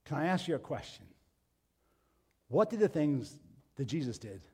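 A man with a high voice preaches a sermon as a pastor. He tells a personal story and keeps asking his listeners questions, repeating words as he goes. His delivery swings between loud, urgent calls and hushed, quiet passages. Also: very animated, normal speed, husky.

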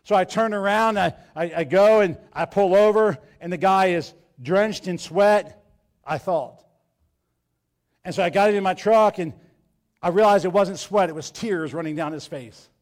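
A male pastor preaching a sermon, telling a story and asking the congregation questions, swinging from loud urging to hushed, quiet speech. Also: high-pitched, moderate pace.

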